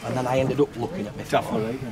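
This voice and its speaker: A man's voice: medium pitch, flat delivery, fast talker. A man chatting casually and telling stories with laddish, swearing banter outdoors. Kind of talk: casual chat and storytelling. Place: outdoors at a football ground. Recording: loud crowd around the speaker. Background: crowd of people around.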